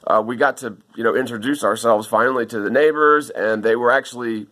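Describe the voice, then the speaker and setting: A man's voice: medium pitch, fairly even intonation, brisk, sharp tone. A man, speaking into a phone camera and pleading with his viewers for help. He rambles in an upset way and keeps saying "man" and "dude.". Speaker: vlogger asking viewers for help. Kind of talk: casual video monologue.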